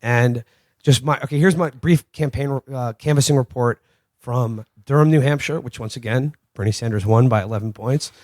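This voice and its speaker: A man's voice: mid-range voice, moderate pace, darkish tone, dry recording. A male podcast co-host tells anecdotes in a loose, meandering way. He swears casually and keeps restarting his sentences. His voice sits in an ordinary middle range and is recorded dry and close. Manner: profane, rambling with repeated restarts. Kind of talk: casual chat, storytelling anecdotes.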